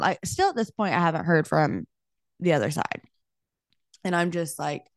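A young woman, a realtor hosting her own podcast, telling a story in an animated, casual way and saying "like" a lot. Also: low voice, moderate pace, long pauses, dry recording, clean studio sound. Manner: animated, talks with her hands, heavy use of "like".

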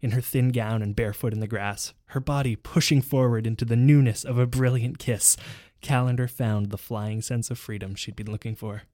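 A man's voice: medium pitch, fairly even intonation, normal speed, hardly any pauses, warm tone, no room sound, clean studio sound. A man co-hosting a comedy podcast, reading his own parody romance and joking wryly. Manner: giggly, wry banter. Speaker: podcast co-host and writer. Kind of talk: comedic reading and casual chat.

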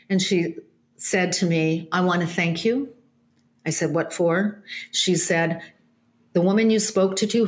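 A woman telling a casual anecdote in an animated way, restarting sentences often and acting out other people's voices. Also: medium pitch.

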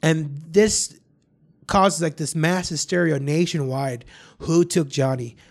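A man hosting a casual podcast, his voice gravelly with frequent vocal fry. He sits fairly high for a man and rambles through a story. He swears freely and keeps restarting his sentences. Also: takes it slowly. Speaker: podcast host. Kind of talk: casual chat.

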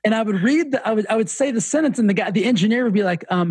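A man's voice: high-pitched, racing, slightly rough, no echo. A man with a Southern accent, a fitness coach and author, telling stories animatedly as a podcast guest. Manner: animated storyteller, many restarts. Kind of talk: casual podcast interview.

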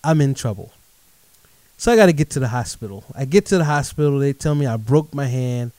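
A middle-aged man telling a true story in a lively monologue, speaking directly to his listeners. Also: medium pitch, fairly quick, dry recording. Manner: animated, addresses audience directly as folks.

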